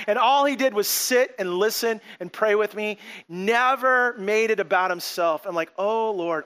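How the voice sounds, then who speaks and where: A middle-aged man preaching a sermon as pastor, in a lively, conversational way, acting out quotes as he goes. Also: sits high, clear, resonant tone.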